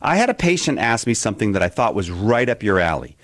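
A man's voice: fairly low pitch, sing-song, fast, a bit bright, dry recording, clean studio sound. A man sitting in as host of a call-in show, chatting casually and joking at his own expense, often laughing. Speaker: guest host. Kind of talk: casual radio call-in chat.

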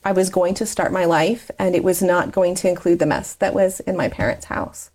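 A woman's voice: fairly low pitch, fairly even intonation, moderate pace, darkish tone. Chatty, candid woman in her forties. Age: 40s. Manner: chatty, candid, laughs often while talking. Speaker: interview guest. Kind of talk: personal life story in conversation.

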